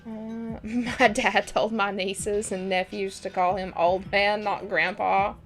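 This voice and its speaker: A woman's voice: mid-range voice, level tone, slow. A young woman streamer rambling through casual stories while gaming, laughing often, with game music playing behind. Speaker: live streamer. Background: video game music.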